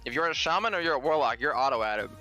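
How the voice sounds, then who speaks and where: A man's voice: mid-range voice, expressive, fast, pushed and bright, faint music behind. A man chatting casually in gaming voice chat, blunt and joking, swearing offhand.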